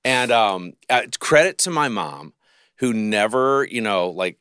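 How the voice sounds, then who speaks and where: Man, 50s, singer guest, very low voice, dry close sound, earnest storyteller. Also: sing-song, fairly bright tone, clean tone, dry recording. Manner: earnest, unhurried, with many fillers. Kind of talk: interview storytelling.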